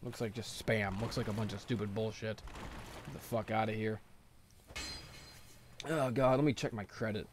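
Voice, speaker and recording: A man's voice: lowish voice, fairly even intonation, moderate pace, long pauses, slight background noise. A man ranting in grumbly, profane, casual gameplay commentary.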